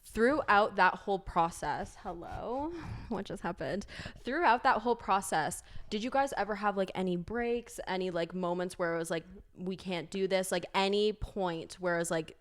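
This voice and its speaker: A woman hosting a podcast interview, excitable and gushing, reacting eagerly and throwing in quick asides. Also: mid-range voice. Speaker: podcast host. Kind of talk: casual interview chat.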